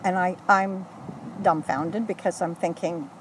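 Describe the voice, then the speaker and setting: Older woman, low-ish voice, earnest and halting storyteller; mic set back, traffic loud behind. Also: recorded from a distance. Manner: earnest, halting, with self-corrections. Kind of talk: oral history recollection.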